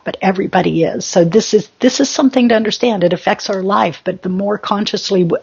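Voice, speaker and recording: A woman hosts a casual spiritual talk, rambling along and poking fun at herself. Her voice is husky at a middle pitch, and the recording sounds dull and lo-fi. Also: darkish tone. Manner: rambling, self-mocking, giggly. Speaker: spiritual show host.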